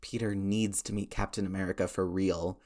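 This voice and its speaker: A man voicing an excitable, eager teenage boy who gushes, in a story reading. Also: sits low, moderate pace, close to an everyday voice. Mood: excited.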